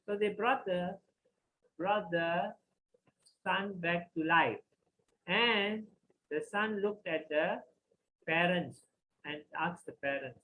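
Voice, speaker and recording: A man's voice: high voice, takes it slowly, sharp tone, slight background noise, poor audio. A man teaching a lesson, telling a story plainly with many repeats and restarts.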